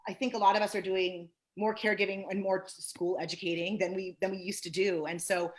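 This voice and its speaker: A woman therapist speaking on a panel discussion, expressive and acting out encouraging and critical inner voices. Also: mid-range voice, a little fast.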